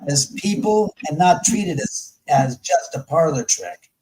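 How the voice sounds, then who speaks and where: Blunt, animated man on a call. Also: a little high, a little slow, low-quality recording. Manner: blunt, profane and animated, acting out quoted voices. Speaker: guest. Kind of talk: casual chat.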